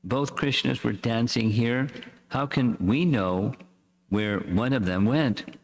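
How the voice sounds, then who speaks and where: A man reading as a calm, gentle young woman. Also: mid-range voice, slow. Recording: echoey hall reverb.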